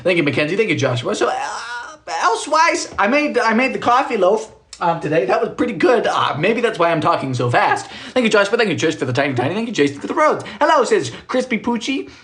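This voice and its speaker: A man live-streaming from his home kitchen, chatting away as he bakes. His voice is lively and swings widely in pitch. He reads viewer comments aloud and tosses in wry little jokes. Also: fairly quick. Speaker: home baker livestreaming. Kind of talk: casual live-stream chat.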